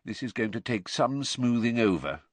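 A man's voice: mid-range voice, animated, normal speed, no room sound, pitched above the performer's own voice, close to an everyday voice. A man voicing a weary, kindly father in a storybook reading, sighing and apologetic.

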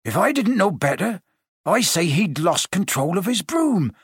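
A man voicing a big, gruff older male groundskeeper with rough, dialect-ish speech, in a storybook reading. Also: sits high, sing-song, unhurried, no room sound, clean studio sound, voice pushed up, full character voice. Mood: worried.

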